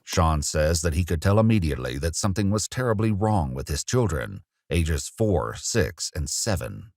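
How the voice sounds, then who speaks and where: Very deep-voiced man narrating true crime. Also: expressive, a little mellow, no room sound, studio quality. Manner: measured, grave. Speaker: documentary narrator.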